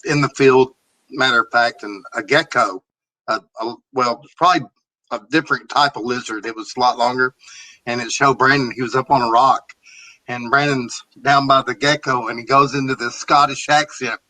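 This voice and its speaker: A man's voice: mid-range voice, steady tone, normal speed, sharp tone, poor audio. A man co-hosting a podcast, telling a story in a chatty, amused way. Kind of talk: casual storytelling.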